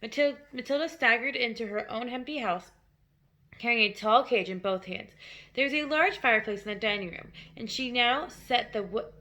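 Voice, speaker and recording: A woman teacher reads a storybook aloud with lively expression, now and then stepping out of the story for a casual aside. Her voice sits fairly high and sounds very bright. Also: moderate pace.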